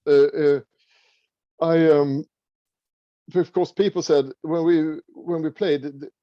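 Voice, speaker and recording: A middle-aged man from Sweden with a Swedish accent, talking casually as an interview guest, halting with many fillers and restarts. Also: on the high side, fairly even intonation, no room sound, dull audio. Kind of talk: casual conversation.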